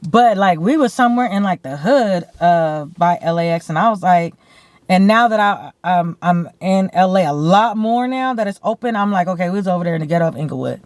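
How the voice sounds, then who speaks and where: A woman from California telling a story to her camera in a blunt, animated way, swearing freely and saying "like" often. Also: fairly low pitch, a little fast, dry recording. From San Bernardino, California. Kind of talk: casual storytime. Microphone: camera mic.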